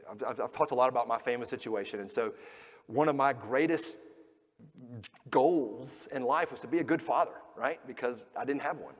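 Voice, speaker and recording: A middle-aged man preaching a sermon as a pastor, telling stories and acting out the people in them, moving from loud to hushed. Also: medium pitch, husky, long reverb tail. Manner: storytelling, acting out quoted voices, swings between loud and hushed.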